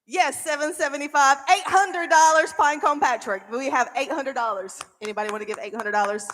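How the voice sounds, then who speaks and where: A woman auctioneer calling bids at a charity auction in quick, repetitive, playful rounds. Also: high voice, fairly bright tone. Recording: reverberant event hall.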